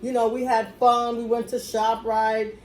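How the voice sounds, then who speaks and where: A woman's voice: fairly high pitch, flat delivery, measured pace, darkish tone, echoey room. A woman co-hosting a podcast in casual chat, chatty, laughing along and keeping the story moving. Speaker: podcast co-host.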